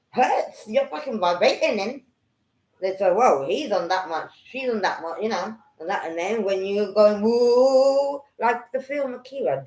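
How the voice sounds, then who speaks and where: Woman telling a wild story, swears a lot, voice jumps all over, roomy echo. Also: medium pitch. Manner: animated, profane storytelling with acted-out quotes. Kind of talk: casual chat. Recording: echoey room.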